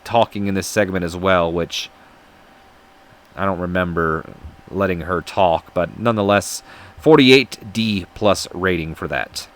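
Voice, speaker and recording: A man's voice: low voice, measured pace. Chatty, self-mocking man narrating a game. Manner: chatty, self-deprecating, rambling asides. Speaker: let's-play host. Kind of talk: casual commentary on a wrestling game playthrough.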